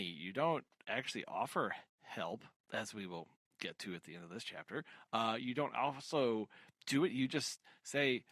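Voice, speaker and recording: A man's voice: on the low side, lively intonation, moderate pace, a bit bright, no room sound. A man co-hosting a podcast, talking through a book with enthusiasm and explaining his points at length. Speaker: podcast co-host. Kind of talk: casual book discussion.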